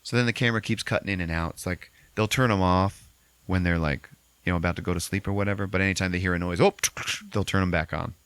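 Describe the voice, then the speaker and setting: A man hosting a podcast, recapping a movie in a casual, profane, animated way and acting out the characters. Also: low-pitched, fast talker, clean tone, no room sound. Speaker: podcast host.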